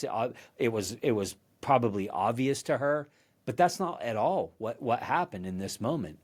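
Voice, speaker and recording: A man's voice: mid-range voice, expressive, a little slow. Earnest man giving a leadership talk. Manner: earnest storytelling, frequent restarts and repeated words. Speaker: podcast host.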